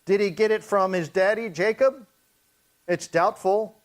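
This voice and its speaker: Man, pastor, high voice, Bible study teaching, slow scripture reading, plain explanations. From Hawaii. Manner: reads scripture slowly then explains in plain talk.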